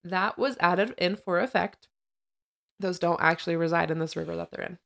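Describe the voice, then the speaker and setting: A woman's voice: lowish voice, normal speed, gravelly, a bit bright. A woman co-hosting a podcast, casually recapping a film and sharing trivia with frequent laughs. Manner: chatty, laughs often, retells scenes and trivia. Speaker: podcast co-host.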